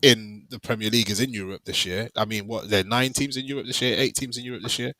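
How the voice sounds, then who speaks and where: Bright-toned man bantering about football. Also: medium pitch, fast, no room sound, rough recording. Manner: laughs often, teasing and confident. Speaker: podcast panelist.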